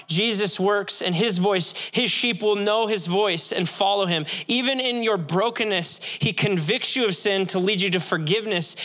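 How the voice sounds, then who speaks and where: Guy pastor giving a sermon, kinda high voice, bright tone, earnest, slows way down on the big points. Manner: earnest, slows for emphasis, asks the congregation questions.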